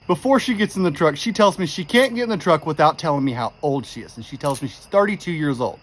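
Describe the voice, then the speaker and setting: A man telling a creepy true story in a casual, animated way, quoting the people in it with exasperation. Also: a little high, quick pace. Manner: animated, exasperated retelling with quoted dialogue.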